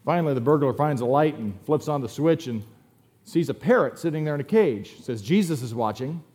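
A man's voice: a little high, brisk. Male pastor, casual sermon delivery with easy humor, church setting. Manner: relaxed joking storyteller, self-deprecating asides. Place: church sanctuary.

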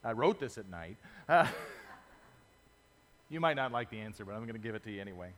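A man preaching a sermon as pastor, telling stories with lively acted-out voices and reading scripture to his congregation. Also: fairly low pitch, a little fast, in a large hall. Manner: animated storytelling, acts out voices in stories.

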